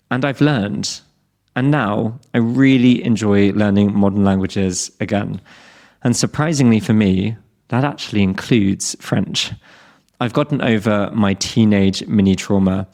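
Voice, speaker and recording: A man's voice: on the low side, vocal fry, a little mellow. A man in his thirties with a British accent, hosting a scripted English-learning podcast in a candid, self-deprecating and encouraging way. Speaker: podcast host and English teacher.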